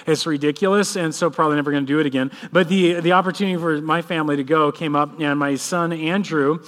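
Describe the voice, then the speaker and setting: High-voiced pastor telling stories. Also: male voice, fast talker. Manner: animated storytelling, acts out kids' voices. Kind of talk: sermon with prayer and personal story.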